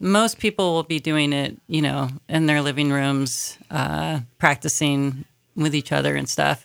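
A woman with a very low, gravelly voice that still cuts bright and crisp. She explains rehearsal logistics in a steady, practical way during a relaxed chat. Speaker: fellow performer. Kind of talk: casual radio chat.

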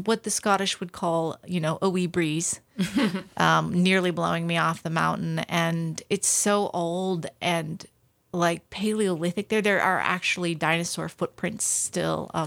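Gravelly-voiced woman telling stories. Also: lowish voice, dry recording. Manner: lively storyteller, self-deprecating, laughs often. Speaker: guest, outdoor adventure writer. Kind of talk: casual interview chat.

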